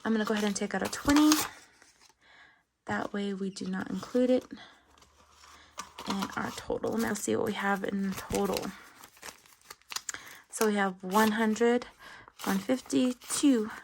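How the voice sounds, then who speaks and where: Woman, raspy gravelly voice, casual budgeting vlog, rambling and apologetic, slightly breathless, counts bills aloud at home late at night. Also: medium pitch, a little hiss or hum. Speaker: budgeting channel host. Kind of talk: casual talk while counting cash.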